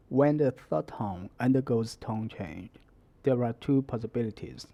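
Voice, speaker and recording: A man teaching a Mandarin lesson, explaining the tones in a measured, deliberate way. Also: mid-range voice, dark tone. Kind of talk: scripted language lesson.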